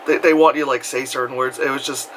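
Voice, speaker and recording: Bright-voiced New York man vlogging. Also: mid-range voice, quick pace, slight background noise, poor audio. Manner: animated, profane, laughs often. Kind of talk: casual storytelling vlog.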